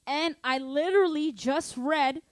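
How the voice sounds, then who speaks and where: A woman's voice: sits high, measured pace, no room sound, clean studio sound. A woman teaching a live online drum lesson, explaining exercises and counting beats aloud over her playing. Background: drum kit playing.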